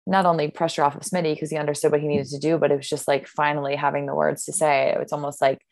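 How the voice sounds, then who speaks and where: Low, flat, gravelly woman host; supportive, dry close sound. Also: quick pace, no room sound. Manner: supportive listener, frequent brief affirmations. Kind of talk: casual chat.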